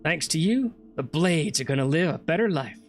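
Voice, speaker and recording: A stout older Scottish brawler from a computer role-playing game, a friendly mentor who teaches fighting, read aloud by a man. The voice sits fairly high for a man and rises and falls a lot, without any real accent. There is faint music behind him. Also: expressive, normal speed.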